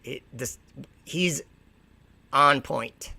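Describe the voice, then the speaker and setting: A man's voice: mid-range voice, very slow, vocal fry, sharp tone, no room sound. A man hosting a casual livestream, reading viewer comments aloud and mocking and lecturing the people who wrote them. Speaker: livestream host.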